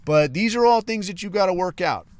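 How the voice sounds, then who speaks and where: A man's voice: high-pitched, animated, fairly quick, a little hiss or hum. A man hosting a podcast, talking in a blunt, profane, casual monologue full of "like" and "right". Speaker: podcast host.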